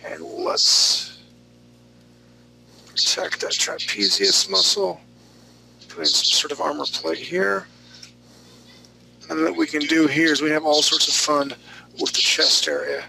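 A man's voice: a little high, slow, vocal fry, pauses often, heavy background noise. A male drawing instructor running a live class. He talks through each step in an easygoing, joking way.

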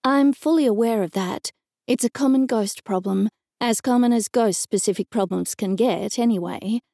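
An Australian woman voicing a sharp-tongued young woman funeral director, curt and stern in an audiobook. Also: fairly high pitch, normal speed, gravelly, no echo, clean studio sound. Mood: stern, snapping. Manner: curt and raised when snapping.

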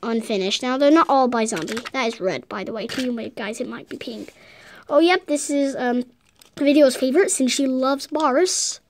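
High-voiced girl chatting and giggling through her toy video, rambly. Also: moderate pace. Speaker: video host. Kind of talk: casual toy play narration.

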